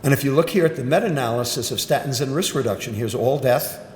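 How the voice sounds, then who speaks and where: An older man giving a medical lecture, emphatic and punchy, often asking and then answering his own questions. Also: fast. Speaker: physician giving a grand rounds lecture. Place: lecture hall. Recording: roomy hall echo with faint rumble.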